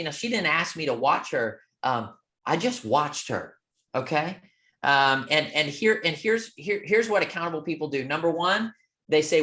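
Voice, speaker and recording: A man coaching with a motivational talk, telling a story in an emphatic, preacher-like rhythm. He keeps asking "okay?" and moves between loud and soft. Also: fairly high pitch, expressive, normal speed. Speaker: real estate coach.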